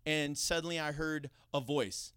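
A middle-aged man preaching a sermon, telling a personal story in an animated way with laughing asides. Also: a little high, a little slow, smooth, no room sound, studio quality. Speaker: pastor.

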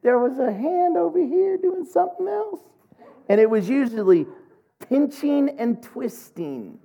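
A middle-aged man from Oklahoma preaching a sermon, telling humorous, animated stories. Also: very high voice, unhurried. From Oklahoma, USA. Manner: humorous, animated storytelling with laughs.

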